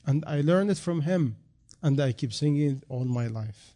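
A man preaching a sermon in non-native English, dropping to quiet reflection and then rising into loud, emphatic calls. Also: a little high, lively intonation, moderate pace.

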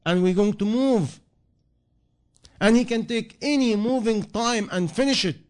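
A man's voice: sits high, a little slow. Earnest preaching man. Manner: earnest, repetitive rhetorical questions, non-native grammar. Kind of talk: sermon.

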